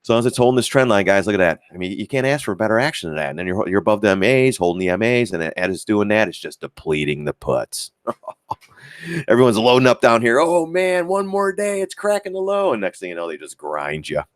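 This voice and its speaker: A man's voice: low voice, brisk, no echo, clean studio sound. A man giving blunt, profane live-stream commentary on stock charts and talking to viewers as guys. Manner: lively, mocks critics in put-on voices.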